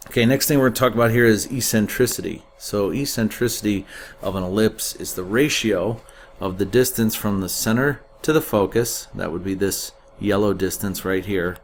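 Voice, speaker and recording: A man with a very low voice walks students through a recorded math lesson. He explains in a steady way and often fills pauses with uh. A faint hiss sits under the recording. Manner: steady explanatory, with frequent fillers. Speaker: math teacher.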